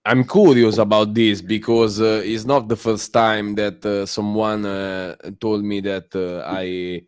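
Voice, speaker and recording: Italian-accented man, non-native English, low and unhurried, clear dry sound. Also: little pitch movement, dry recording. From Italy. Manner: halting, many fillers and restarts. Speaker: guest caller on a community stream. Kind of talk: casual chat.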